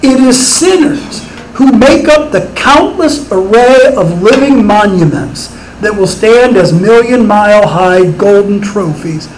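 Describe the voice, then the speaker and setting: A man's voice: high-pitched, expressive, takes it slowly, slight background noise, poor audio. A middle-aged man preaching a sermon as pastor, emphatic and rising on his rhetorical questions.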